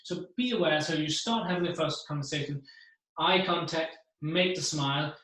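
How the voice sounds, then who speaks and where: A man's voice: on the high side, moderate pace. Man speaking in a very echoey room. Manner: animated, acts out the voices he describes. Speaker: motivational keynote speaker. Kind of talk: seminar talk to an audience.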